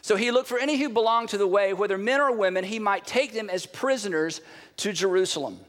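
A man preaching a sermon as pastor, animated, with dramatic pauses and acted-out quotes. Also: sits high, long reverb tail.

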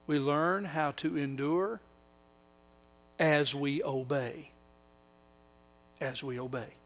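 An older male pastor preaching a sermon, repeating phrases for emphasis, dropping to hushed reverent lines and rising into mocking whiny quotes. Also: high voice.

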